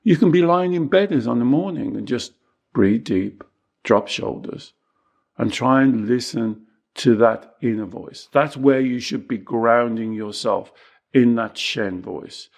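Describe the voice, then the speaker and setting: A man teaching and coaching in a calm conversation, measured and reassuring, repeating phrases for emphasis. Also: medium pitch, gravelly.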